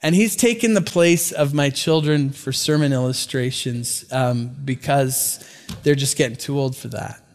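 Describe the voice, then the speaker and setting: A man's voice: mid-range voice, unhurried. A middle-aged man preaching a sermon as pastor, conversational and joking, often stumbling over repeated words. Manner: conversational, stammers on repeated words, jokes with the congregation.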